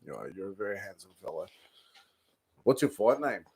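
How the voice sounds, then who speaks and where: Laid-back host, teasing banter. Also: male voice, on the low side, animated, normal speed, darkish tone, husky, dry recording. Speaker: podcast host. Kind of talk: casual podcast interview.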